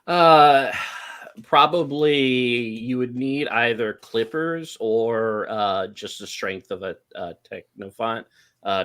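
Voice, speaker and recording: A man as game master, describing a grim scene in an unhurried way with many fillers. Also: fairly low pitch, a bit bright. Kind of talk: narrating a tabletop horror game.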